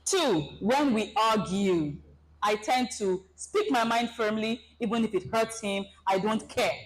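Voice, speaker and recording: Woman, seminar presenter, lively, dramatizes scenarios, mid-range voice. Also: mid-range voice, a little slow, slight background noise, poor audio. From Nigeria. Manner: animated, acts out scenarios. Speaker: relationship seminar speaker. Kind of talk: presentation talk to an audience.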